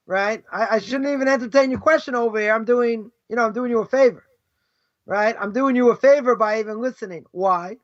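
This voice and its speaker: A man's voice: very high voice, fairly quick. A man, a rabbi, giving a conversational Torah class, often tagging his points with "right?" and acting out what other people might say. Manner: conversational, keeps asking "right?"; acts out imagined speakers mid-lecture. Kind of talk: informal Torah lesson. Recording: dull lo-fi live stream.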